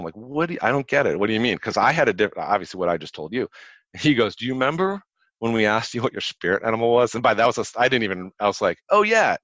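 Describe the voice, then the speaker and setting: Fairly low in pitch, with no echo and the highs cut off, a man recounts his career at length as a guest in an easygoing chat. He's an animated storyteller who voices the people he quotes with sudden vocal jumps and uses "like" often.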